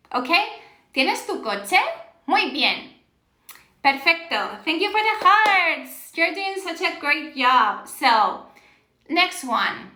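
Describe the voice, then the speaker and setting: A woman's voice: high voice, pushed and bright, roomy sound. A woman teaching Spanish on a live stream, reading out viewers' answers, praising them often and laughing, switching between English and Spanish. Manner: encouraging, reads out viewer answers with frequent praise. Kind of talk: live-streamed language lesson. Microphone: phone on a live stream.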